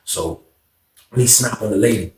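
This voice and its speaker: A man telling a prison story in a casual, slangy, animated way. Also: lowish voice, measured pace, roomy sound, recorded from a distance.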